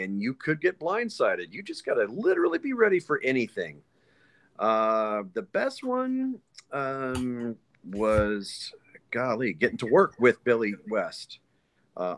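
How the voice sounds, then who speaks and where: A man, a voice actor guest, telling lively anecdotes in a casual interview, with quick shifts in his voice. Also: medium pitch.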